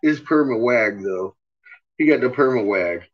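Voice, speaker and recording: A man's voice: medium pitch, lively intonation, normal speed. A man casually commenting on his dogs in a basement, amused and profane, voicing what the dogs think. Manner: amused, profane, voices his dogs' thoughts. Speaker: dog owner filming his pets. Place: house basement. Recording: dull lo-fi home video.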